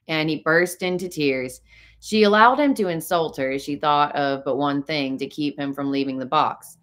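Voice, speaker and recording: Low-voiced woman narrating dramatically. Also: normal speed. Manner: expressive, dramatic reading. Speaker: audiobook narrator. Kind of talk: audiobook narration of a classic novel.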